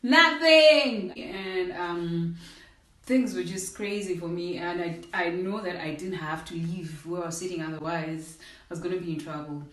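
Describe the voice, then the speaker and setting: A young Zimbabwean vlogger tells her viewers a casual storytime, acting out the voices and calling them "guys" over and over. Her voice is fairly low and level at a normal speed, captured by a distant mic with roomy echo.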